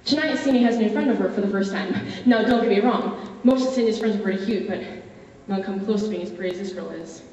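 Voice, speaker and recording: Teen girl doing a dramatic interp piece, earnest and emotional, mellow voice, sounds far off in a big echoey hall. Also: mid-range voice, fast talker, highs cut off, a little hiss or hum. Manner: earnest, emotional, intimate storytelling. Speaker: competitor. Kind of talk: dramatic interpretation performance, first-person narration.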